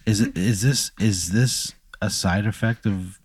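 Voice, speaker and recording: Low-voiced man, exasperated, cursing, playing along, dry close sound. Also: a little slow, darkish tone, breathy edge, no room sound. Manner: exasperated, profane reactions. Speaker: podcast co-host playing along. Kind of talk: improvised comedic role-play.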